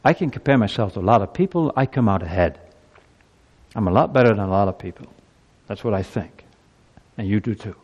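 A man in his fifties preaching a sermon, moving from quiet reflection to loud, urgent appeals. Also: on the low side, lively intonation, a little fast, pauses often, husky, muffled recording. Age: 50s.

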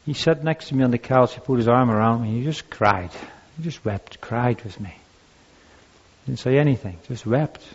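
A man's voice: medium pitch, normal speed, breathy edge. An older man preaching as a pastor, telling personal stories in a conversational, anecdotal way with frequent restarts. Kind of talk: sermon on grief and listening. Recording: dull lo-fi recording.

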